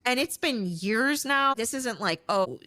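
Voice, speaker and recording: Chatty woman podcaster, lively pitch. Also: unhurried. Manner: chatty, lots of "like", acts out characters in quotes. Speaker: podcast host. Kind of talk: casual movie recap chat.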